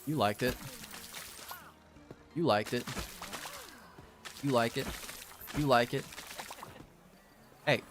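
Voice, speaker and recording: A man's voice: mid-range voice, takes it slowly, pauses often, music in the background. A man playing a game and commenting as he goes, theatrical and exasperated as he scolds the characters. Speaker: gaming video creator.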